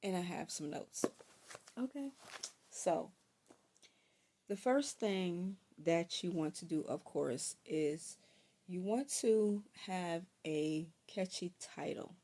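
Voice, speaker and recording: Relaxed low-voiced woman vlogger. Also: takes it slowly. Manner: chatty, relaxed, frequent ums and you-knows. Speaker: vlogger giving channel tips. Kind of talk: casual talk to camera.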